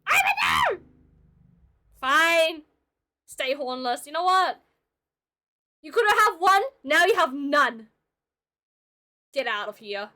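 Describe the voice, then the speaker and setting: A woman's voice: high voice, expressive, takes it slowly, long pauses, bright, forceful tone. A young woman streamer chatting casually with her viewers while she draws, playful and talkative. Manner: chatty and playful, talking to chat. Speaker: streamer and illustrator. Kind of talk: casual livestream chat while drawing.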